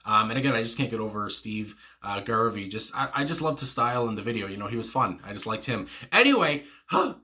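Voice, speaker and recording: A man's voice: fairly low pitch, sing-song, fast, hardly any pauses, sharp tone. A man giving casual, rambling reaction commentary as host, enthusiastic and full of fillers and the odd swear word. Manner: enthusiastic, fond.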